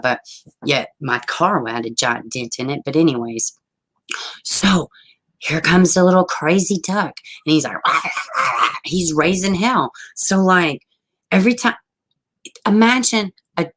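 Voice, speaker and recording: A woman hosting a casual livestream, telling a story in a lively, profane way with a lot of laughing, and answering viewer comments as she goes. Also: sits low, poor audio. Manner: animated, profane, laughing often. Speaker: livestream host.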